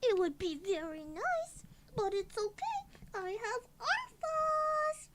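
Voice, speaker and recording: Young vtuber girl chatting slow and giggly, drawn-out squeals, super high voice. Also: very animated, fairly bright tone. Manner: giggly and gushing, drawn-out exclamations. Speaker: VTuber streamer. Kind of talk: casual live-stream chat.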